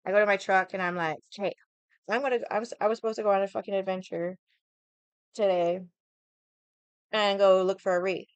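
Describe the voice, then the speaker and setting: A woman's voice: mid-range voice, fairly even intonation, fairly quick, long pauses, clear, resonant tone, no echo. A young woman chatting casually with viewers on a livestream, rambling, swearing freely and laughing often. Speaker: livestream vlogger.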